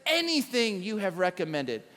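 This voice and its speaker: Man pastor, animated sermon, high voice, long hall reverb. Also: normal speed. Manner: animated storytelling with acted quotes. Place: church auditorium. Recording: echoey large hall.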